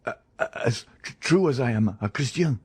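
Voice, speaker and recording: A man's voice: lowish voice, animated, normal speed, mellow, husky. A man reading an audiobook, voicing a cowardly, fearful thief who pleads and stammers. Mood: fearful pleading.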